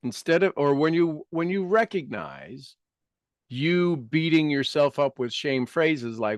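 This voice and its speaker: A man leading a self-help talk, guiding listeners through exercises and asking rhetorical questions, with his loudness rising and dropping. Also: on the high side, big pitch swings, measured pace, dry recording, studio quality. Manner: rhetorical questions, repeats phrases for emphasis. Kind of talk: coaching talk with guided exercises.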